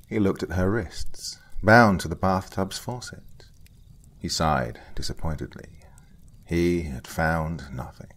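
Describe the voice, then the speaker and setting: A man narrating a horror story in a calm, measured bedtime manner, with a husky voice. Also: sits low.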